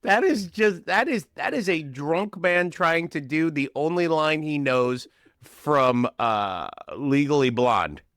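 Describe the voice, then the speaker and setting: A young man as a podcast guest, joking and animated in casual banter, jumping into shouts. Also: on the high side, takes it slowly, no room sound, studio quality.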